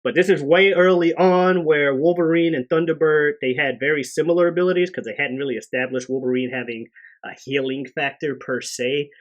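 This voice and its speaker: A man on a casual podcast, telling a story with energy and loudly acting out the characters' lines. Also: a little high, steady tone, a little fast, dull audio. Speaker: podcast co-host. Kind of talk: casual chat.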